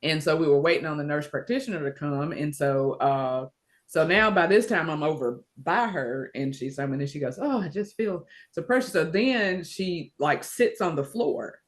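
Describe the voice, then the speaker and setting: Animated woman telling a story. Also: sits low, normal speed. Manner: animated, acts out quoted voices. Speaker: podcast host. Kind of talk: casual storytelling chat.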